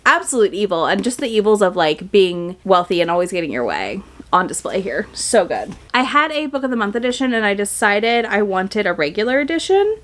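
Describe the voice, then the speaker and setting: Young woman, book vlogger, chatty, gushing, casual, medium pitch. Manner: gushing, enthusiastic, chatty with many fillers. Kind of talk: casual book haul chat.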